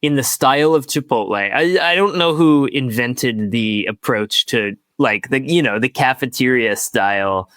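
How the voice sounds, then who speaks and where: A man's voice: mid-range voice, unhurried, hardly any pauses, fairly bright tone, clear, resonant tone, no room sound. Young man arguing in casual chat. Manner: earnest, argues with mock statistics. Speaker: podcast co-host.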